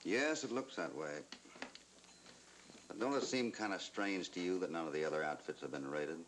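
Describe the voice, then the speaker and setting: An actor playing a steady, easygoing cowboy hero with a wry edge in a 1940s Western film. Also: male voice, deep voice, moderate pace, a little hiss or hum, low-quality recording. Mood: calm.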